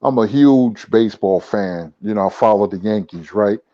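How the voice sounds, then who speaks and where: A man talking casually as a guest, telling stories in a relaxed, conversational way. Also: lowish voice, moderate pace, no room sound. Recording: dull lo-fi sound.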